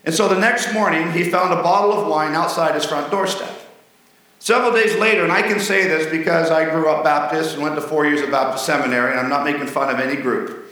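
A man's voice: fairly high pitch, steady tone, a little fast, pushed and bright, recorded from a distance. A man preaching a sermon, a folksy pastor who tells jokes. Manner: folksy, joking storyteller. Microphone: mic on a stand, then handheld. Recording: echoey hall.

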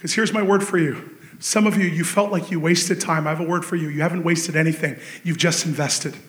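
A man preaching a sermon, telling a story with animated swings between excited shouting and hushed intensity. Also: on the high side, brisk, echoey room.

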